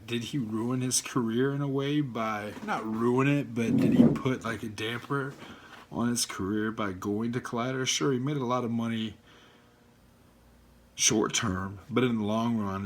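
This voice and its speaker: A man ranting casually in a video blog from home, rambling and halting, with many fillers and swearing. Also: medium pitch, slight background noise. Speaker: fan vlogger. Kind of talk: casual rant.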